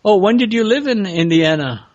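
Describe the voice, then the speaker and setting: A man hosting a podcast, interviewing a guest in a halting way with many pauses. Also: sits high, animated, darkish tone, muffled recording. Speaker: podcast host. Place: California.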